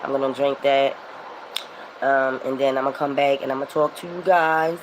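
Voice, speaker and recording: A woman's voice: extremely low pitch, flat delivery, moderate pace, a little hiss or hum, poor audio. Emphatic, swearing woman. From Philadelphia. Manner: emphatic, rambling, swears freely. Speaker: tarot reader. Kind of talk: spiritual vlog monologue.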